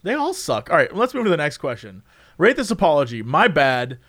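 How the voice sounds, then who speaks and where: A man's voice: fairly high pitch, huge pitch swings, brisk, fairly bright tone, no echo, studio quality. A young man hosting a casual chat, reading quiz questions aloud and joking about the answers, with some swearing. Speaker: host.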